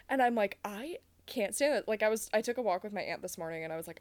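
Lively, animated young woman chatting. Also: on the high side, brisk. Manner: animated, swearing, laughing often. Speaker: podcast co-host. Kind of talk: casual chat.

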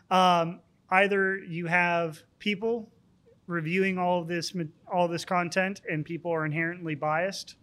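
A man's voice: on the high side, a bit bright. A man hosting a casual podcast, joking and bantering with his guests. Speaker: podcast host.

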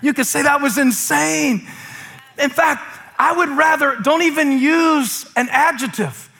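A man preaching a sermon as pastor, playful and animated, swinging between loud bursts and hushed lines. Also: very high voice, unhurried, creaky.

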